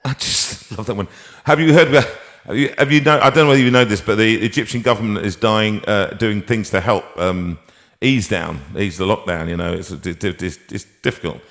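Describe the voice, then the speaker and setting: Jokey man with a bright voice. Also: fairly low pitch, a little fast. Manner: jokey, rambling with restarts, tells puns. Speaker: singer and host. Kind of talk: casual live-stream chat and singing. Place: music room with a piano. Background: piano.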